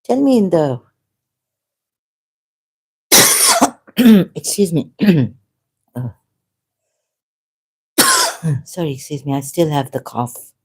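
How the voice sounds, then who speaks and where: A woman's voice: sits low, huge pitch swings, drawn-out words, pauses often, slightly rough. A woman talking in an unscripted monologue as an online commentator, impassioned and rambling, often repeating herself.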